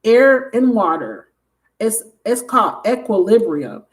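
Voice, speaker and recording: A woman giving a casual tarot reading to her viewers, excitable and emphatic, swearing freely as she talks straight to them. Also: mid-range voice, slow. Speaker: tarot reader.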